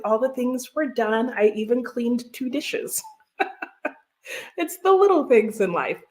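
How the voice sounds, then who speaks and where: A woman hosting a live stream, chatting casually, often laughing and greeting viewers from the chat. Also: mid-range voice. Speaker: livestream host.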